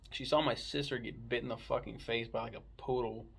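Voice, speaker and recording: A man's voice: mid-range voice, steady tone, a little fast, vocal fry, a bit bright, breathy edge. A man casually chatting about a book he read, rambling and swearing freely. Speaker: book reviewer. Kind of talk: casual book review chat.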